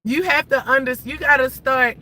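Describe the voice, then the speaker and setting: Woman streamer, bright tone, profane, excitable rambling rant. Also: sits high, normal speed, poor audio. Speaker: livestream host. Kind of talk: casual ranting livestream.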